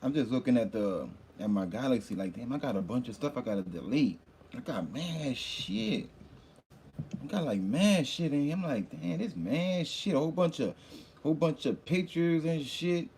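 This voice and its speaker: A man hosting a casual livestream, shouting hype greetings to viewers by name and rambling in loose asides, a little hungover. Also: mid-range voice, expressive, moderate pace, a little hiss or hum. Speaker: livestream host.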